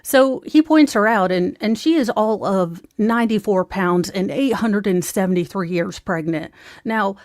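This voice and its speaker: A woman's voice: mid-range voice, measured pace, darkish tone, dry recording. Snarky woman commentator, dry sound. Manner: snarky, mocking, rambling with asides; talks to her viewers. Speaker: true crime commentator. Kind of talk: casual sarcastic commentary.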